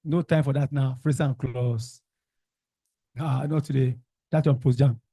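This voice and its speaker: A man's voice: medium pitch, fairly even intonation, measured pace, dark tone, husky, no echo, clean studio sound. Male teacher drilling a class. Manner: call-and-response drilling, asks questions and repeats answers. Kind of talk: classroom revision lesson.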